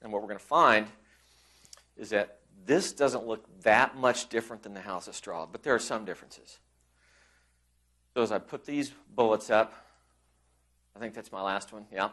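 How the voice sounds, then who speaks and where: A man's voice: mid-range voice, a bit bright. A man presenting a conference session, conversational, with frequent restarts, acting out quoted colleagues. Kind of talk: conference talk.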